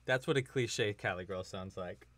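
A man's voice: fairly low pitch, moderate pace, a bit bright, no room sound. A man from California hosting a casual livestream while crocheting, chatty and jokey, often laughing. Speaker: livestream host.

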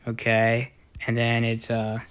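A young man casually commenting on his gameplay, wandering from thought to thought with plenty of fillers. His voice sits at an ordinary middle pitch, and he jumps into excited outbursts when something in the game surprises him. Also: slow pace, a little hiss or hum. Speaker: gaming YouTuber.

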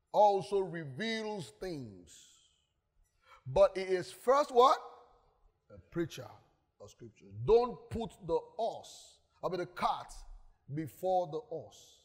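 Male pastor, emphatic sermon delivery with questions to the congregation, high voice, long hall reverb. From Nigeria. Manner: emphatic, asks the congregation questions, acts out stories. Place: church hall.

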